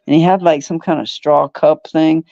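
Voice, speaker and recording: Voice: mid-range voice, moderate pace, gravelly, dry recording. Laid-back host with lo-fi dry sound. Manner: animated storyteller who acts out quoted voices; laughs often. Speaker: podcast host. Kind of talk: casual chat.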